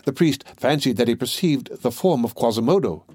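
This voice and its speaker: A man's voice: mid-range voice, animated, a little fast, a little mellow, breathy edge, dry recording. Man reading a novel aloud, dry. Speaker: audiobook reader. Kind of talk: scripted narration of a classic novel.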